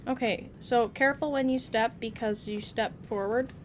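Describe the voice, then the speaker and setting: A woman's voice: on the high side, fairly even intonation, moderate pace, a little hiss or hum. A young woman streaming a game, chatting playfully with her viewers and teasing the character on screen. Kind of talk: live gameplay commentary.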